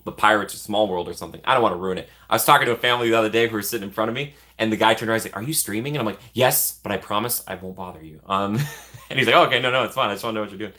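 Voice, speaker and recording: A man's voice: lowish voice, very fast, sharp tone. A young man chatting casually as a vlogger, rambling and self-deprecating, laughing often. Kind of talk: casual chat.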